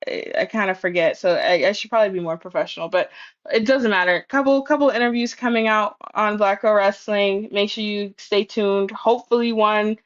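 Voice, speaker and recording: A woman co-hosting a casual chat, speaking earnestly with halting pauses. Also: mid-range voice, dry recording, lo-fi sound. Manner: earnest, halting, with many ums and restarts. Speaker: podcast co-host.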